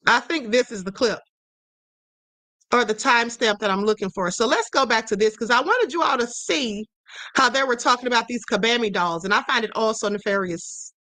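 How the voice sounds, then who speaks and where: Woman livestream host, high pitch, emphatic rhetorical questions, dry close sound. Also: fairly quick, sharp tone, no echo. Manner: emphatic, rhetorical questions, addresses viewers directly. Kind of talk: political commentary livestream.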